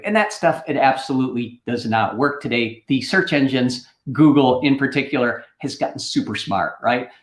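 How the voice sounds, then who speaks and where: A man's voice: medium pitch, reverberant. A middle-aged man hosting a livestream who tells a long story casually and keeps checking in with "right?". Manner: chatty, anecdotal, keeps asking "right?". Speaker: host.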